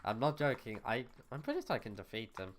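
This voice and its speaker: A man's voice: medium pitch, expressive, fast, slight background noise. A man streaming a video game as a VTuber, talking to chat in a rambling, blunt and exasperated way, swearing freely. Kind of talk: casual gaming livestream chat.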